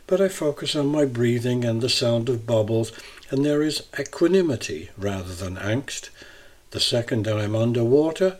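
A man narrating a first-person travel essay in a measured, even reading style. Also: medium pitch.

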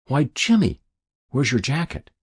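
A man voicing a tired, bewildered small-town mother of five who talks softly and with gentle surprise. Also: medium pitch, big pitch swings, unhurried, breathy edge, no echo, clean studio sound, pitched above the performer's own voice, full character voice. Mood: surprised.

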